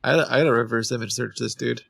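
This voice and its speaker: A man's voice: mid-range voice, fairly even intonation, fast, vocal fry, a bit bright, breathy edge, no echo. A man streaming live, chatting casually into a close desk microphone, joking and laughing often as he talks.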